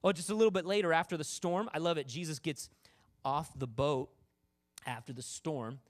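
A man's voice: fairly high pitch, normal speed. A man preaching a sermon in a casual, joking way, full of asides to the congregation. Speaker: pastor.

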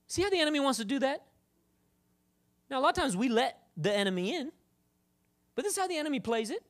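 A woman preacher giving a sermon in a conversational, animated way, often acting out the voices of the people she talks about. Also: high voice, quick pace, pauses often.

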